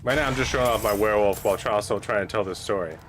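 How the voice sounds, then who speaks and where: A man's voice: fairly low pitch, very fast, fairly bright tone, a little hiss or hum. A man casually rambling and joking while playing a game, as the host of his channel. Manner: rambling, joking, with frequent restarts. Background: game music.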